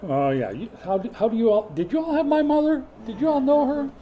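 An older man preaching a sermon, a folksy joking storyteller who builds to loud, emphatic preaching. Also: extremely high pitch, brisk, lo-fi sound, slight background noise. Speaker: pastor.

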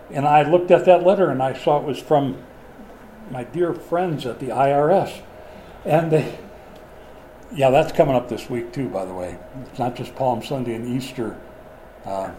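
An older male pastor preaches in a folksy, storytelling manner, his voice sitting fairly high but mellow and warm. A faint hiss of room noise sits behind him. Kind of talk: sermon.

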